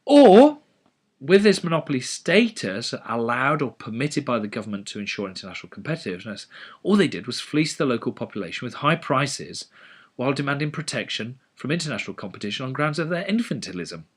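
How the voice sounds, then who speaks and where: Animated, sardonic lecturer. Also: male voice, mid-range voice, a little fast, breathy edge. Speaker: economics lecturer. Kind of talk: educational lecture.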